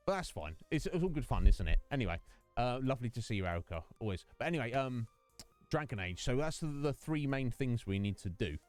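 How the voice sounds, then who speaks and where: A man chatting casually with his stream viewers, rambling between topics and greeting them by name. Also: mid-range voice. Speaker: game streamer.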